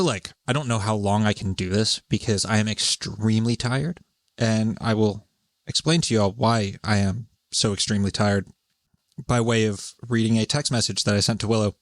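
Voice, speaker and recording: A man's voice: fairly low pitch, no echo, studio quality. A man hosting a casual solo podcast, rambling, swearing and laughing as he rants. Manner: rambling, profane, exasperated; laughs often while talking. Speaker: podcast host.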